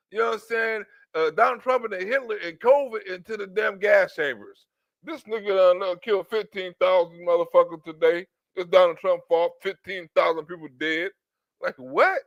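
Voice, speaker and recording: High, bright-voiced man ranting profanely. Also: no room sound, dull audio. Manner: loud, mocking, profane ranting. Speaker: comedy show host. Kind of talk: profane comedic commentary on clips.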